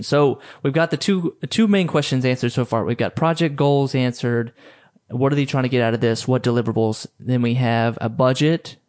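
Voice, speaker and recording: A man's voice: mid-range voice, darkish tone, clean tone. Casual male podcast host with a mid-range voice, rambling, filler-heavy coaching talk. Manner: loose and chatty, many fillers and restarts.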